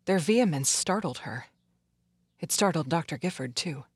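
A narrator reading a historical novel in a measured, even way. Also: male voice, fairly high pitch, slightly rough, no room sound, studio quality. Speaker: audiobook narrator. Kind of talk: scripted narration.

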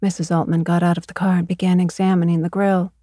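Woman, audiobook narrator, low voice, measured, first-person story. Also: little pitch movement, mellow, no room sound, clean studio sound.

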